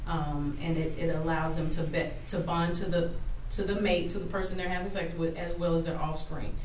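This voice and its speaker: A woman's voice: lowish voice, little pitch movement, a little fast, reverberant, distant mic, a little hiss or hum. A woman in a casual talk show explaining things, often checking in with "right?". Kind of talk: explanatory chat.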